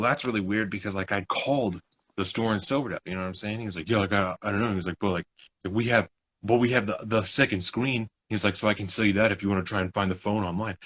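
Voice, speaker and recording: Fast-talking husky young man. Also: on the low side, low-quality recording. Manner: animated retelling, acting out other people's lines, swears often. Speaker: podcast co-host. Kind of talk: casual storytelling chat.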